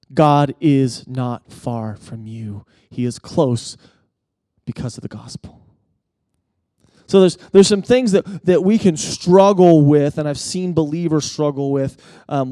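Man preaching a casual, animated sermon. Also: fairly high pitch, dry recording, studio quality. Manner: conversational with frequent restarts and stammers; animated storytelling, rising intensity at key points. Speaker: pastor.

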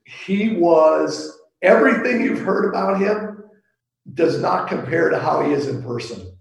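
A middle-aged man from Pittsburgh, a sales executive guest, telling golf stories in a relaxed, anecdotal way with lots of fillers. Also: fairly high pitch, unhurried, creaky, echoey room, low-quality recording. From Pittsburgh, USA. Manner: warm anecdotal, chuckles, trails off with fillers. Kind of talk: casual storytelling.

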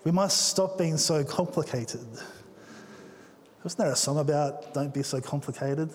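A slightly higher-voiced man preaches to his church, playful and full of joking asides. His voice rings out in a big space with long reverb trailing behind each phrase. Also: measured pace. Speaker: pastor. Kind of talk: sermon. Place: church auditorium.

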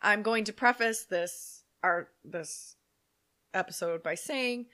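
Bright-voiced giggly woman podcaster. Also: medium pitch, takes it slowly. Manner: giggly, tipsy, stumbles over words. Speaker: podcast co-host. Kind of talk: casual chat, true crime podcast.

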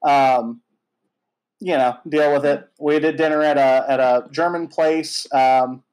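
A man in his thirties hosting a casual chat, telling a story in a lively, animated way with lots of fillers and some swearing. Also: on the high side, measured pace, poor audio. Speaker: podcast host.

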